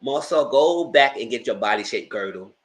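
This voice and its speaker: A man hosting a casual TV review, talking in an animated, blunt way and swearing freely. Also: mid-range voice, normal speed, low-quality recording. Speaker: show recap host.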